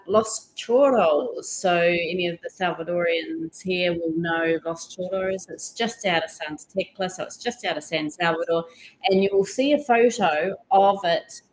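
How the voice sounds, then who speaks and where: A woman's voice: on the low side, measured pace, slight background noise, low-quality recording. A middle-aged woman co-hosting a vlog, telling stories in a chatty, enthusiastic way. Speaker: vlog co-host. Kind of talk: casual chat.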